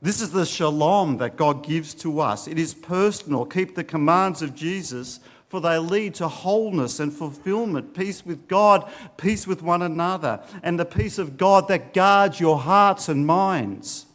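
A man's voice: a little high, a little slow, hardly any pauses, fairly bright tone. A man preaching a sermon, earnest, often putting questions to his listeners.

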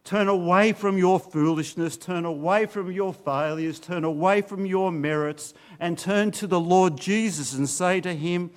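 A man preaching a sermon, swinging between loud urging and low, hushed warnings. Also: unhurried, hardly any pauses. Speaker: pastor.

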